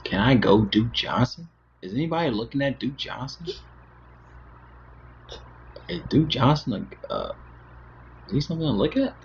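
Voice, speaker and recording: Sing-song dad with lively pitch. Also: male voice, moderate pace, vocal fry, pauses often, lo-fi sound, a little hiss or hum. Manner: sing-song baby talk to his daughter, aside to viewers. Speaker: livestream host and father. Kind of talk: casual livestream chat. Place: at home, moving to the kitchen.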